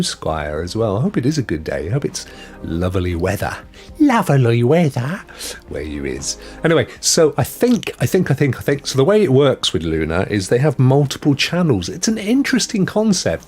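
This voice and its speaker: A man talks through the news in a relaxed, meandering way, pausing often and greeting his audience. His voice sits low but moves a lot in pitch. Soft music plays underneath. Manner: chatty, rambling, greets viewers by name. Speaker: host. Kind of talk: casual livestream news chat.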